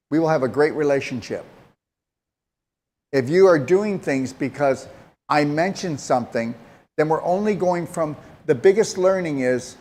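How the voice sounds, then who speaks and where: A man's voice: fairly high pitch, a little mellow. A man giving health advice to a caller, talking directly and emphatically and pressing her with pointed questions. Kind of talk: call-in advice talk.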